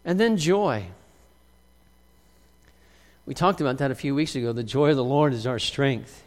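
A man preaching a sermon as pastor, emphatic, swinging from loud outbursts to quiet, drawn-out lines. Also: medium pitch, long reverb tail.

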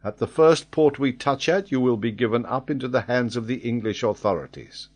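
A man's voice: mid-range voice, animated, brisk, close to an everyday voice. A man reading the part of a grave male nobleman pressing a prisoner for answers, in a storybook reading.

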